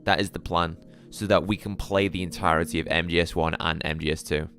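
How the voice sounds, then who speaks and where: A man's voice: sits low, steady tone, a little fast, a bit bright, faint music behind. A man from Liverpool with a Scouse accent, chatting casually on a live gaming stream, answering viewers and swearing now and then. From Liverpool, England. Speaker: gaming livestreamer.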